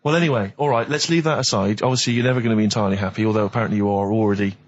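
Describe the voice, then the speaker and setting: A man's voice: fairly low pitch, fairly even intonation, very fast, lo-fi sound. A man co-hosting a comic radio show, making dry, sarcastic remarks. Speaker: radio co-host.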